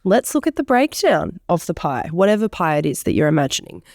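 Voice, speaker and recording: A woman's voice: lowish voice, very animated, brisk, a little mellow, dry recording, clean studio sound. A woman co-hosting an educators' podcast, leading the discussion and prompting her co-hosts in casual chat. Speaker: podcast co-host.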